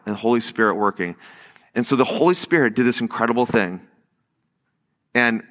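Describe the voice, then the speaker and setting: Speaking in a mid-range voice, a pastor gives his sermon in a church sanctuary that sounds like a large hall. His storytelling is animated, and he acts out the quotes as he goes.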